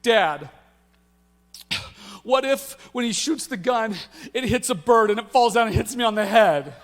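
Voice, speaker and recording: A man's voice: very high voice, expressive, a little slow, in a large hall. A man voicing his anxious seventh grade daughter, firing off worried questions. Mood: anxious pleading.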